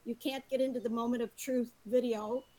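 A woman calling in to a show who speaks softly and quietly, chatting casually. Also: steady tone, fairly quick. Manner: soft-spoken, quiet, low volume. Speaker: caller. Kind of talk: casual phone-in chat.

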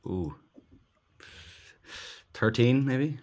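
A young Irish man in his twenties co-hosting a casual podcast chat, joking and quick to laugh. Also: mid-range voice, animated, a little mellow. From Ireland. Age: 20s. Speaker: podcast co-host.

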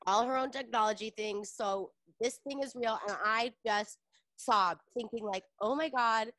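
A woman's voice: on the high side, normal speed, sharp tone, no echo. A woman co-hosting a podcast in casual chat, gushing and swearing freely. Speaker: podcast co-host.

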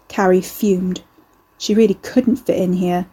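A woman narrating a storybook in a steady, dry way. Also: fairly low pitch, unhurried, slightly rough. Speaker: audiobook narrator.

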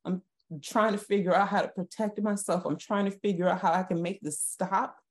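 A woman, a podcast guest, recounting a painful personal story in a halting, emotional way with frequent restarts. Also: mid-range voice, fairly even intonation. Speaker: guest sharing her story. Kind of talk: personal testimony in a podcast interview.

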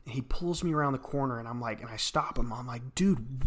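A man's voice: mid-range voice, a little fast, hardly any pauses. A man from Arkansas, co-hosting a podcast and telling rambling stories that he laughs through. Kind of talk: casual storytelling chat.

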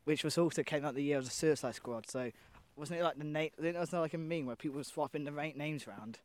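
A young man with a slightly higher voice talks in a loose, rambling way. He swears freely and often drops his sentences halfway through to start new ones. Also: fast talker, a little hiss or hum. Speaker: podcast co-host. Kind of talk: casual chat.

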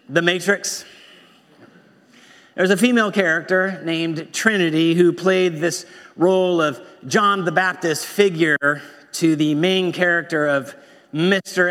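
A man with a fairly high voice preaches a sermon in a wry, conversational manner. His words ring out with a long reverb, as in a church sanctuary. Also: fairly bright tone. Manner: wry, conversational preaching with quoted movie lines. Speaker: pastor.

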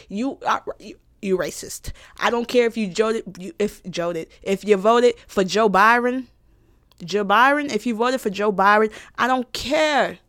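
A woman vlogger giving her opinion in a sassy, animated casual rant with laughing asides. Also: a little high, no echo, clean studio sound.

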